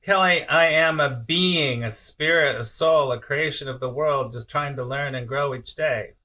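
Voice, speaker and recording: A man with a bright, forward voice and a middle pitch gives a loose, chatty spiritual talk. He reads viewer comments on a live stream, chuckles often, and repeats his phrases. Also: measured pace. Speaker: spiritual teacher.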